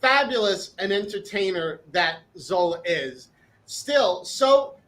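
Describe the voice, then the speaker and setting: A man's voice: high voice, animated, slow, a bit bright, low-quality recording. A man co-hosting a casual chat show over a video call, telling a story with many fillers and restarts. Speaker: co-host.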